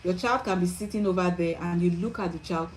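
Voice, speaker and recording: A woman's voice: fairly low pitch, brisk, a little hiss or hum, poor audio. A middle-aged woman, a parenting coach, giving an earnest and emphatic teaching talk and often checking that listeners follow.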